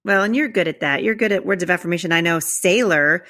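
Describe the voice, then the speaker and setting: A woman hosting a podcast, warm and encouraging in casual conversation with her guest. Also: on the low side, fast. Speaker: podcast host. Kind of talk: casual chat.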